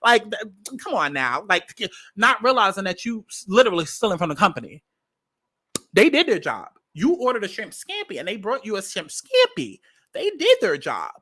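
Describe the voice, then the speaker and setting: A woman's voice: medium pitch, fairly bright tone. A woman hosting casual commentary on a viral video, blunt and sassy, repeating lines for emphasis. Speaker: commentary host.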